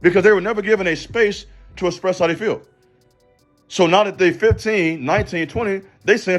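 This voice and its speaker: Slightly high-voiced male commentator, fiery and blunt, slangy preacher cadence, faint music underneath. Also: normal speed, a bit bright. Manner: emphatic, preachy, slangy and direct. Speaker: YouTube commentator and counselor. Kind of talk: passionate commentary monologue.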